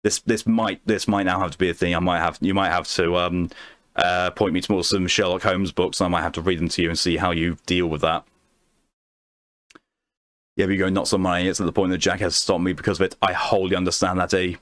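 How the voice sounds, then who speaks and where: A man streaming a game late at night, chatting calmly with his chat and answering messages in a soothing tone. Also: low-pitched, a little fast, dry recording. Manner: calm, soothing voice meant to lull viewers to sleep.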